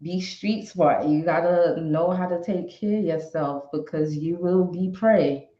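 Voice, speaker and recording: A woman's voice: lowish voice, measured pace, mellow, reverberant, highs cut off. A woman from New York, a podcast guest, chatting casually and agreeably with plenty of laughter. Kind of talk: casual chat.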